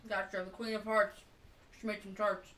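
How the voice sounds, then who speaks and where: A woman's voice: medium pitch, level tone, normal speed, fairly bright tone, roomy sound, far from the mic. A woman co-hosting a game stream, teasing her friends in casual chat. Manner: teasing, laughs often.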